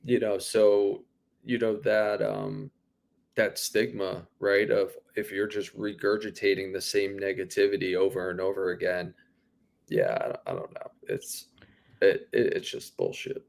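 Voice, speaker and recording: Gravelly guy rambling and cussing on a sports podcast, stops and restarts a lot. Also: on the low side, measured pace. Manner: rambling, swears, many restarts. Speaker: podcast co-host. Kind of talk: casual sports chat.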